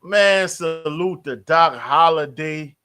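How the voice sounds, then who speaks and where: A man with a fairly high, bright, forceful voice hosts a college football livestream, speaking slowly and smoothly. He's laid-back and slangy, greeting viewers in the chat.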